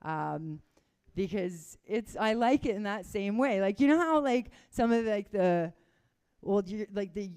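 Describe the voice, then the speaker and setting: A woman's voice: mid-range voice, lively intonation, unhurried, a little mellow, clear, resonant tone. Rambling Canadian woman doing stand-up. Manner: casual, rambling, self-deprecating, with chuckles. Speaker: stand-up comedian. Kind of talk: stand-up comedy set.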